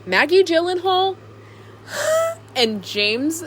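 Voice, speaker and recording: A young woman talks to her own camcorder, rambling and giggling through a casual vlog. Her voice sits a little high and swoops all over the place. There's a faint hiss of room noise underneath. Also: lively intonation, normal speed, fairly bright tone. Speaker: vlogger. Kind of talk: casual chat to camera. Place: alone in a room.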